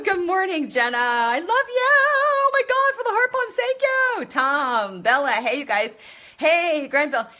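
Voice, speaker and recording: A woman's voice: on the high side, fairly bright tone. A middle-aged woman hosting a live stream, gushing and effusive, greeting viewers by name and swearing freely as she talks.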